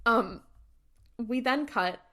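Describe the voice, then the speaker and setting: A woman's voice: fairly high pitch, takes it slowly, sharp tone. A woman podcast co-host chatting casually, retelling scenes and acting out the characters' lines with lots of "like". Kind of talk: casual chat recapping a TV episode.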